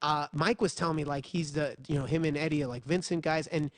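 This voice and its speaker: A man's voice: on the high side, quick pace. A man hosting a talk show, telling stories animatedly and acting out what others said. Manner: animated storyteller, acts out other people's voices. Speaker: podcast host. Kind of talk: casual storytelling chat.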